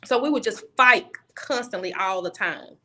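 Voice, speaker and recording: A woman's voice: medium pitch, normal speed, pushed and bright. A young woman guest on a video call, telling a personal story candidly and bluntly, often restarting her sentences.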